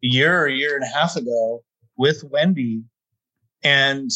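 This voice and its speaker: A man, a podcast guest, speaking calmly and reflectively as he adds to his wife's story. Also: mid-range voice, measured pace, no room sound. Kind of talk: podcast conversation. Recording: dry, slightly dull lo-fi sound.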